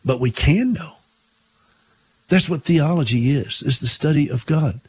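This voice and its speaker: A man's voice: a little high, measured pace, breathy edge. A middle-aged man hosting a Christian radio talk show, telling stories and preaching earnestly, often repeating words when emphatic.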